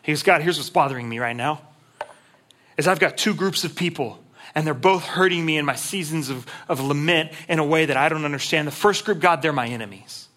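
A man preaching in an earnest, conversational manner, stumbling over and repeating words. His voice is slightly high and bright, with a forceful, pressing edge. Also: a little fast. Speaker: pastor. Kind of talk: sermon.

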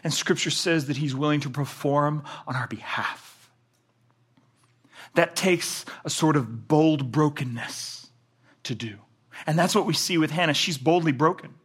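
Guy preaching a sermon, high bright voice, goes big then gets real quiet. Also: a little slow, husky. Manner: animated, swinging from loud emphatic to low quiet. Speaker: pastor.

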